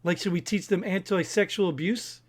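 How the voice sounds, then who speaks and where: High-voiced argumentative man. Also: steady tone. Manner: argumentative, rapid bursts. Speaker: podcast co-host. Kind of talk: casual discussion.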